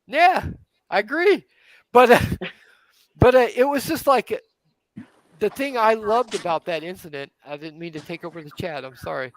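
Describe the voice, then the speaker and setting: A man in casual chat, telling stories with animated, acted-out quotes. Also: normal speed, pauses often, low-quality recording. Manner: animated storyteller, jumps high acting out quotes.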